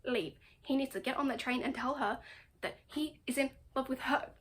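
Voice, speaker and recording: Woman, high voice, casual chatty book recap, dramatic and exasperated. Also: fairly even intonation, a little fast. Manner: chatty, full of "like". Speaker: book vlogger.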